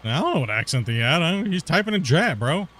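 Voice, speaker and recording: A man's voice: a little high, sing-song, a little fast, a bit bright. Slangy laughing streamer guy with a Pacific Northwest accent. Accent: Pacific Northwest US, with West Coast Canadian touches. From northern US near the Canadian border. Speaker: game streamer. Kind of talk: casual gaming stream chat.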